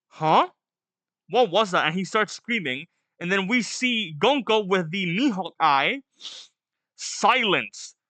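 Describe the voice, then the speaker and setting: A man hosting a casual manga read-along, reading lines aloud and chatting through quick asides. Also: high-pitched, sharp tone, dry recording. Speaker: manga reaction host.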